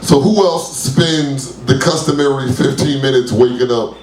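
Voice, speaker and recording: A man, doing a loose, profane stand-up set with sudden shouted, high-pitched outbursts at an open mic. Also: a little slow, slight background noise. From New York. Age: 30s. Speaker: stand-up comedian. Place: small club at an open mic. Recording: roomy club sound from a distant mic.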